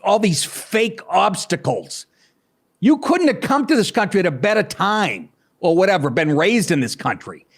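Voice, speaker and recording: A male podcast host cuts into a clip again and again to mock it. His comments are sarcastic and full of swearing. His voice sits a bit high and jumps around a lot. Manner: sarcastic, interrupting, swearing mockery. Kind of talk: profane commentary over a clip.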